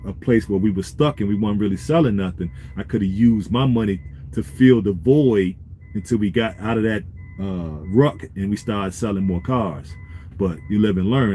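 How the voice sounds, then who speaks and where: A man's voice: fairly low pitch, mellow, slight background noise. A man vlogging in a laid-back, street-wise way, talking to his viewers and giving business advice. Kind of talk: casual talk to camera.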